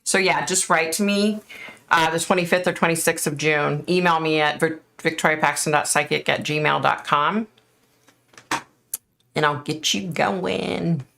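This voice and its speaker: A chatty middle-aged woman from the United States hosts a live stream and reads out viewer comments. Her voice sits low for a woman, with a gravelly fry running through it, and she laughs easily between remarks. It feels relaxed and personal. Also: measured pace. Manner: chatty, laughs often, thanks viewers by name. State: overheated and sweating. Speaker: psychic hosting a live stream. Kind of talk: casual live-stream chat reading comments.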